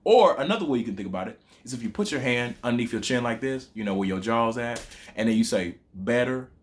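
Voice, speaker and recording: A young man with a Southern accent, teaching a playful lesson that mixes in rap bars. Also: mid-range voice. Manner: lively, playful, chanting lines slowly for emphasis.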